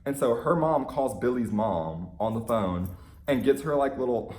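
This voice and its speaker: A young man telling an excited fan story in a casual vlog, gushing and full of "like"s. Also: medium pitch, normal speed, roomy sound. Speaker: vlogger.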